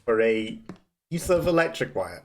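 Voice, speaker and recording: This man, a gamer with a Black Country accent from the West Midlands, England, speaks in a darkish mid-range voice with big pitch swings and a moderate pace. He laughs often while giving chatty, self-deprecating let's play commentary, over slight background noise.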